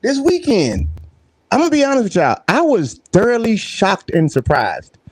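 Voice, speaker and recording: A man hosts a casual live stream, his voice pitched high and swinging widely as he fires off slangy shout-outs. The sound is dry and close, with no room around it. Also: wildly swooping pitch, normal speed, husky, no echo. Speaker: host.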